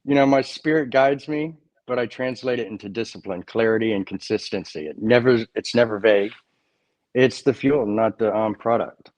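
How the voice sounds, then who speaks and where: A man guest in an interview, answering in short, measured declarative statements. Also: lowish voice, darkish tone, no echo. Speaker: author and music creator, guest.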